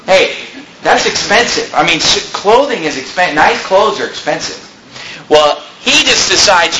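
A man's voice: fairly high pitch, very animated, normal speed. A man preaching a sermon, retelling a story in a casual, joking way. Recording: echoey room, faint noise.

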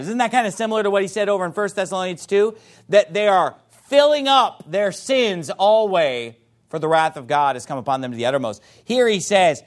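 Fiery high-voiced male preacher. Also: animated, normal speed. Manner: reads scripture aloud in old-fashioned wording. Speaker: pastor. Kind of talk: sermon.

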